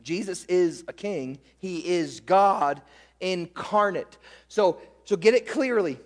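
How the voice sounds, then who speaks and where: Fired-up high-voiced male preacher. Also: expressive, slow. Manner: fired-up, emphatic preaching with repeated phrases. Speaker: pastor. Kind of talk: sermon. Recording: long hall reverb.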